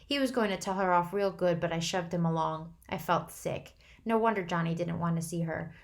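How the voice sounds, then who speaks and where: Steady woman reading a novel aloud. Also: lowish voice, creaky. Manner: steady, unhurried storytelling. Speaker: teacher reading to a class.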